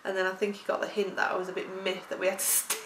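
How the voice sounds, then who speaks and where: A woman's voice: mid-range voice, monotone, racing, fairly bright tone, a little hiss or hum. A woman with a Lancashire accent, vlogging in a rambling, chatty way and laughing through her stories. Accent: Lancashire English. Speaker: weight-loss vlogger. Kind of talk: rambling casual storytelling. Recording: roomy sound, distant from mic.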